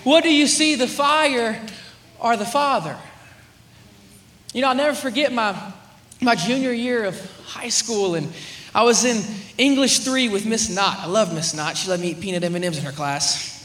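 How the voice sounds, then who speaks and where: High, bright-voiced young male preacher. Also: moderate pace. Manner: animated, swings from loud to hushed. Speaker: youth preacher. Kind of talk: sermon with storytelling. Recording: echoey room, faint ambience.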